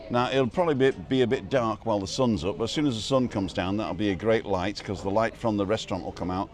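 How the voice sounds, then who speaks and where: A man's voice: lowish voice, fast. A middle-aged man hosting a casual live stream from a restaurant terrace on a wireless mic, chatting and reading out viewer comments with jokes. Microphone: wireless microphone.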